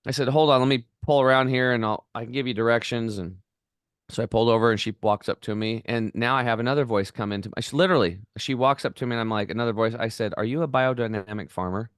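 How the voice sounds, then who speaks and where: A middle-aged man, a podcast guest, telling stories in an excited, rambling way and acting out the voices of the people in them. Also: medium pitch, fast talker, clean tone, dry recording, clean studio sound. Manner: enthusiastic, rambling, acts out quoted voices. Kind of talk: excited storytelling interview.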